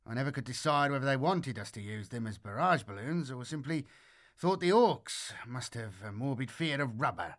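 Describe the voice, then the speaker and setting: A man's voice: mid-range voice, animated, normal speed, natural voice. A man voicing a cynical, sardonic male veteran soldier who mocks his comrades in a dry, sneering tone.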